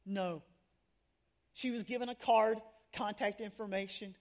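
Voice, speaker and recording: A middle-aged woman telling stories in a sermon to women, animated and laughing at herself, acting out the people she quotes. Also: mid-range voice, a little slow. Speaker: women's ministry speaker.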